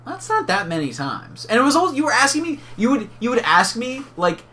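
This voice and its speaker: A young man co-hosting a podcast, chatting casually and jokingly, swinging between loud bursts and mumbling. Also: very high voice, big pitch swings, brisk, a little hiss or hum. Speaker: podcast co-host. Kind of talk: casual chat.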